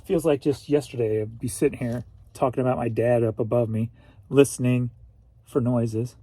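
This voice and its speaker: A man's voice: mid-range voice, fairly even intonation, moderate pace, warm tone. A man from St. Louis, Missouri, rambling through a casual solo reseller vlog, chatty and at times emotional. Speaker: reseller vlogger.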